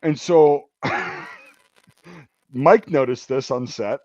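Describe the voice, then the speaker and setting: A man hosting a casual stream chat, crude and rambling, with loud bursts of laughter. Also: medium pitch, drawn-out words, dry recording. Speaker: stream host. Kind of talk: casual banter. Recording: dull, dry lo-fi mic.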